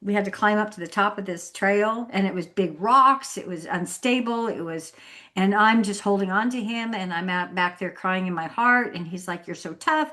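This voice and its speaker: A woman's voice: mid-range voice, a bit bright. A woman hosting a podcast, telling a story in a casual, laughing way. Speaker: podcast host.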